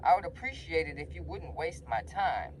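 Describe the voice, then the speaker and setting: A man's voice: fairly high pitch, sing-song, background noise. A man doing a stern school principal. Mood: firm. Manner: firm, measured, formal. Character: stern middle-aged male school principal.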